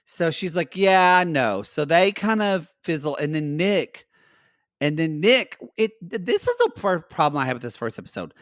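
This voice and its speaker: A podcast co-host with a slightly high, expressive voice recaps a reality show in casual conversation at normal speed. He rambles, restarts his sentences, and acts out quotes, all in a dry, clean studio recording.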